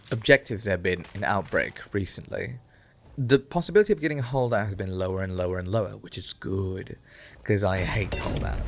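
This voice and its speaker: A man streaming a game, chatting in a rambling, animated way into a condenser mic close below his chin. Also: medium pitch, vocal fry, noisy background. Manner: rambling, animated, drifts off topic. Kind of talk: casual gameplay stream chat.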